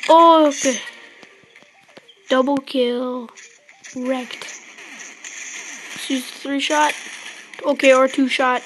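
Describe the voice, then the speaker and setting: A nervous teenage girl commenting on her own gameplay, apologizing and giggling, with sudden excited outbursts while she plays, recorded on a phone. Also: high-pitched, takes it slowly, long pauses, slight background noise. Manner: excited outbursts during play. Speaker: gamer.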